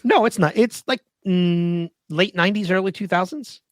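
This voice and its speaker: A man's voice: high voice, normal speed, no echo. A man co-hosting a casual podcast discussion, rambling with lots of fillers and laughing often. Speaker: podcast co-host.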